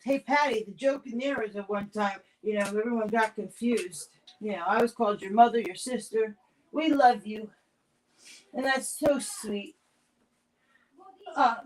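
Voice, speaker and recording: A middle-aged woman with a slightly high voice chats loosely through a live crafting stream. She rambles and restarts her sentences as she works, and she stops to answer viewers in the chat with friendly, personal replies. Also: low-quality recording. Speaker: craft livestream host. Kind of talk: casual livestream chat while crafting.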